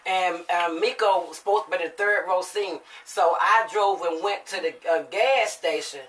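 A mother chats to her viewers in a casual, storytelling way, with a bright tone. She acts out the quotes with emotion and swings from hushed to lively. Her voice sits a little back from the microphone. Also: fairly low pitch, unhurried, recorded from a distance, low-quality recording. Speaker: mother and family vlogger.

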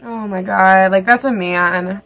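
A young woman reacting to a movie in casual commentary, gushing and excitable, often laughing and swearing. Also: mid-range voice, a little slow.

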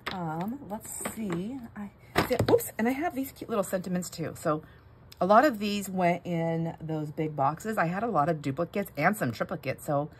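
On her crafting vlog, a middle-aged woman tells rambling family stories between self-interruptions while she works with stamps. Her pitch is fairly low and her speed normal, with a little hiss or hum audible.

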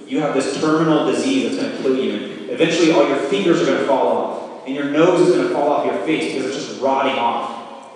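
Guy preaching a sermon, painting scenes for the crowd, sounds far from the mic in a big echoey hall. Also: medium pitch. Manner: vivid storytelling, guides listeners through imagined scenes.

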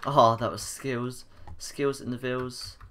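A man's voice: mid-range voice, steady tone, takes it slowly, fairly bright tone, slight background noise. A man giving gameplay commentary, frustrated and self-mocking as he plays. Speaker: gamer.

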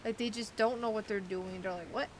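A woman's voice: mid-range voice, fairly even intonation, a little fast, a little hiss or hum. A woman streamer chatting and rambling casually as she plays a video game. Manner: rambling, chatty, thinking aloud. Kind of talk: casual chat while playing a video game.

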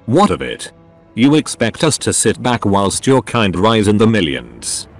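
Brief: a synthetic male voice doing a haughty old alien elder in a storybook, low pitch, lively contour, faint music behind. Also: a little slow, gravelly, exaggerated voice. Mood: scornful. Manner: scornful, haughty.

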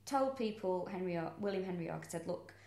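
A woman's voice: fairly low pitch, animated, fairly quick, darkish tone. Wry woman recounting a case, echoey. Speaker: comedian co-host. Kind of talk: comedic true-crime storytelling. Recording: roomy echo.

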